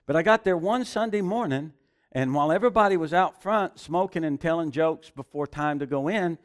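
A man preaching a sermon with emphasis, mixing scripture with personal testimony and rhetorical questions. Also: a little high.

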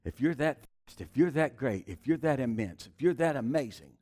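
A man's voice: mid-range voice, animated, normal speed, a little mellow. A man preaching a sermon with emphasis, mixing scripture with personal testimony and rhetorical questions.

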